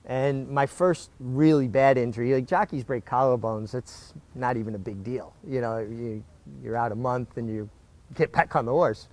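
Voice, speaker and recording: A middle-aged man speaks at an ordinary pitch, telling his story in a relaxed interview. He talks animatedly, often restarting his sentences as he goes. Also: moderate pace. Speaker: former jockey, interview guest.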